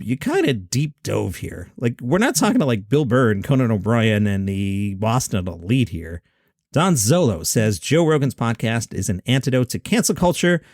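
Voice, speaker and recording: Wry, animated middle-aged male podcast host. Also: a little high, dry recording, clean studio sound. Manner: wry, riffing asides and mock outrage. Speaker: comedy news podcast host. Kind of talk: solo comedy news commentary. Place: home basement studio.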